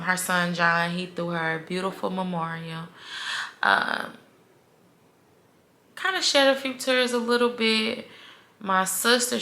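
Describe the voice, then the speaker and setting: A woman's voice: on the low side, creaky, sharp tone, reverberant. A young adult woman vlogging in a casual, rambling way, leaning on "like" constantly, speaking. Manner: chatty, rambling, heavy use of "like". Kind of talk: casual personal vlog talk.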